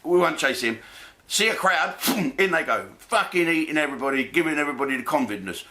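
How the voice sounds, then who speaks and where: Swearing comic with a bright voice. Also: male voice, a little high, lively intonation, brisk. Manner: blokey, swearing, jokey asides and put-on voices. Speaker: comedian host. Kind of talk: comic monologue to camera.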